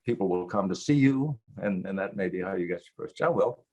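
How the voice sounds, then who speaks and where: A man's voice: sits low, lively intonation, fairly quick, a little mellow. A man in his eighties, a guest actor, telling rambling wry anecdotes in a casual interview. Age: 80s. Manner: many fillers and restarts.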